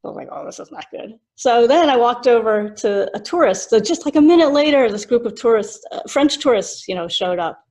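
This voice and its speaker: A woman's voice: a little high, animated, a little fast, few pauses, darkish tone, poor audio. A middle-aged woman, a Buddhist nun, teaching a class casually and telling a personal story with frequent laughs. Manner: chatty, laughs often while telling a story.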